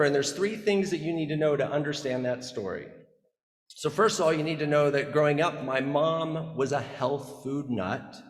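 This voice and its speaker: A man from the Midwest telling a story in a sermon, in a conversational way that often restarts his sentences. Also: a little high. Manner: conversational, chatty, with frequent restarts. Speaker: guest preacher. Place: church sanctuary. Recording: echoey church hall.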